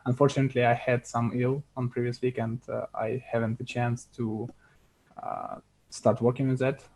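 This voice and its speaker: A man with a Slavic accent on a video call, speaking in a hesitant, halting, apologetic way. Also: mid-range voice, animated, vocal fry, a little mellow. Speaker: working group organizer. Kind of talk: casual video call chat.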